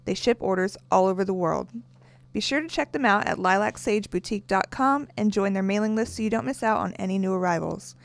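A woman co-host, hoarse from screaming the day before, reading a sponsor spot quickly. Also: mid-range voice, expressive. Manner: playful, reads ads briskly. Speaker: podcast co-host. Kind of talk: casual banter and read sponsor spots.

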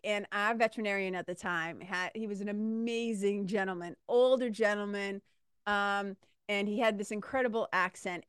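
A middle-aged woman from Massachusetts, telling a personal story in a casual, animated podcast monologue and talking straight to her listeners. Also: medium pitch, clean tone, no echo, clean studio sound. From Massachusetts, USA. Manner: chatty and animated, addresses listeners as "you guys". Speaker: podcast host.

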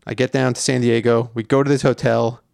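A man's voice: mid-range voice, flat delivery, fairly quick, creaky, darkish tone, clear, resonant tone, no echo, studio quality. A man telling a story in casual podcast chat, easygoing while he builds suspense.

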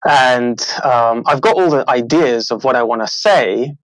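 A middle-aged man, an author and show host, telling a story in a casual, animated way and acting out the people he quotes. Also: mid-range voice, measured pace, no echo, low-quality recording. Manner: animated, acts out quoted voices, laughs often.

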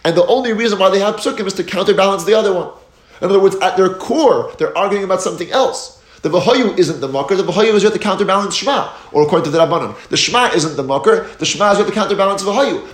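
A man giving a Talmud lecture, explaining each step in a steady teaching cadence and lifting his voice on key terms. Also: sits high, rapid-fire. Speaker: Torah teacher. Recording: echoey room.

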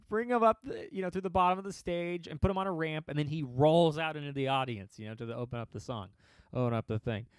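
A man's voice: fairly high pitch, a little fast, clean tone, no echo. A man telling a rambling, profane comedic story on a podcast and laughing often. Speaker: podcast host.

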